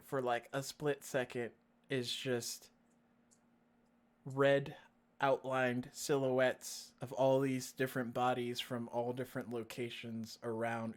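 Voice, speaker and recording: A man narrating a tabletop role-playing game as dungeon master, in a casual way with lots of laughter. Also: mid-range voice. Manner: casual, laughs often, says "like" a lot.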